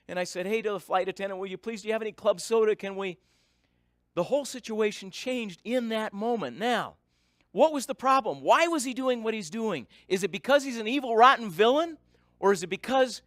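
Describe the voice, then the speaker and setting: Middle-aged male speaker, slightly high, very animated delivery, dry close sound; dramatic keynote storyteller. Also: brisk, no room sound. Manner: dramatic, varies loudness, lists in rhythm. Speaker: speaker giving a talk.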